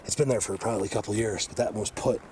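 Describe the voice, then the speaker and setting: Low-voiced guy rambling excitedly on a hike vlog, camera mic, faint outdoor hiss behind. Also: rapid-fire. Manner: rambling and excitable, many fillers and restarts. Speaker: vlog host exploring the outdoors. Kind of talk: casual walking vlog commentary. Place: outdoors in high mountain forest.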